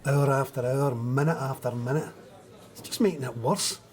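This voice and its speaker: A man's voice: mid-range voice, moderate pace, a little mellow. A middle-aged man in a scripted sitcom, confessing in a theatrical way.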